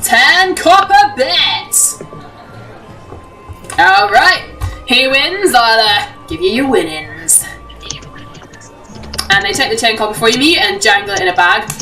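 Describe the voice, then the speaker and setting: A woman's voice: fairly high pitch, sing-song, measured pace, long pauses, bright, forceful tone, distant mic, faint music behind, rough recording. A woman running a tabletop game as game master, chatty and full of ums, heard from a little away from the mic. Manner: chatty, laughing often, many ums.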